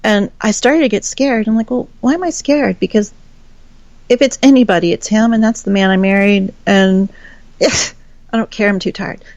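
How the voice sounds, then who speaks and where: A woman's voice: medium pitch, normal speed, a little mellow, no echo, highs cut off. A woman guest telling a personal story in a frank, chatty way, swearing casually. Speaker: podcast guest.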